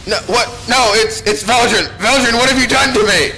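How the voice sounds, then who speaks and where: A man doing a shrill vengeful elf woman. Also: moderate pace, sharp tone, faint music behind, exaggerated voice, poor audio. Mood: furious. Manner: shrill, furious. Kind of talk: reading game dialogue aloud.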